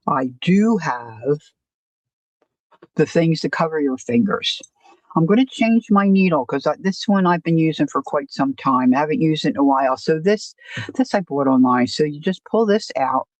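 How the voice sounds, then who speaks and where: A woman's voice: low-pitched, no echo, poor audio. Woman rambling through a craft demo on a livestream, pokes fun at herself, keeps restarting sentences, dry close sound. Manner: rambling, self-deprecating, frequent restarts. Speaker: crafting channel host.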